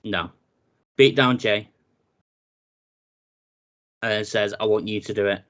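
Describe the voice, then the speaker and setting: A lower-voiced man co-hosting a laid-back wrestling podcast. He talks through the upcoming matches in an animated, joking way. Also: slow pace, dull audio. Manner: animated, jokey, runs through the match card. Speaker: podcast co-host. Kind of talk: casual wrestling chat.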